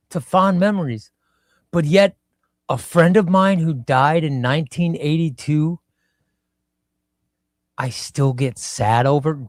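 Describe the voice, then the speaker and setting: Man, 50s, stream host, unhurried and reflective, a bit higher voice, close dry sound. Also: no room sound. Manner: slow, reflective, repeats phrases. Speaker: livestream host. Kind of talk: casual live stream chat. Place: home room.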